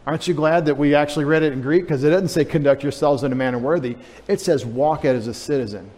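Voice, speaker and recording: A man's voice: a little high, fast talker, darkish tone, big-room sound. A male pastor teaching a sermon in a casual, joking way, spelling out Greek words for the congregation. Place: church sanctuary.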